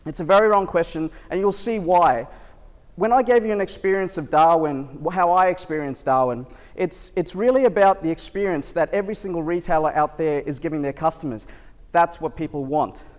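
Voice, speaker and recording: A man's voice: on the high side, fairly quick. A man giving a live keynote talk, telling a story in a chatty way and asking the audience questions. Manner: chatty storytelling, quizzes the crowd. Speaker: keynote speaker. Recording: hall reverb from a live venue.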